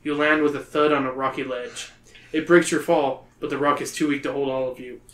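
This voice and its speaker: A man's voice: mid-range voice, fairly even intonation, fairly quick, a bit bright. A man hosting a podcast, reading a children's book aloud in a playful, joking way. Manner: playful, breaking into laughter. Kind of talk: comedic read-aloud of a kids' book. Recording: roomy echo.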